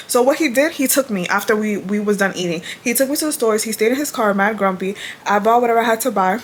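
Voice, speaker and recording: A woman's voice: on the high side, fast. Young woman vlogger, blunt storytime talk, exasperated, faint noise behind. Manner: blunt, exasperated, swears freely, lots of "like". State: tired. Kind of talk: casual storytime chat.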